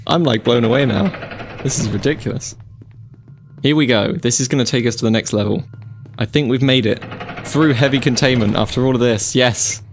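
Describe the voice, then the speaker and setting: Over soft background music, a medium-pitched man narrates his gameplay a little fast and chattily. Frights set him off into panicky outbursts, yelps and repeated phrases.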